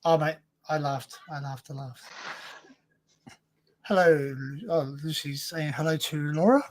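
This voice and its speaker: A man's voice: fairly high pitch, steady tone, a little slow. An Australian man rambling through crude jokes and repeating himself in casual chat on a live stream.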